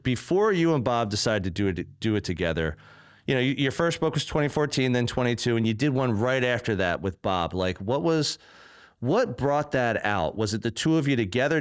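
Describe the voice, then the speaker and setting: A man's voice: medium pitch, big pitch swings, moderate pace, clean tone, dry recording, studio quality. A man hosting a podcast, upbeat and affirming as he questions his guest. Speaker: podcast host. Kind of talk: interview.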